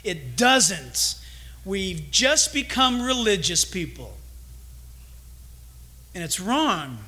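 A man's voice: high voice, very animated, very slow, sharp tone. A man preaching a sermon as a pastor, emphatic and full of storytelling.

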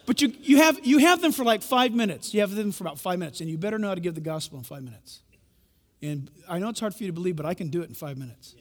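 High-voiced animated preacher man, hall reverb. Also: fast talker. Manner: animated storytelling preacher, swings from loud to hushed. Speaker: pastor. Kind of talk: sermon.

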